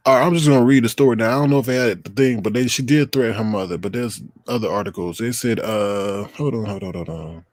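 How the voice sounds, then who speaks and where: A man's voice: lowish voice, fast talker, few pauses, darkish tone, no room sound, clean studio sound. A man in his thirties hosting a casual livestream, talking bluntly and with profanity straight to his viewers from home. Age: 30s. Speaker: livestream host.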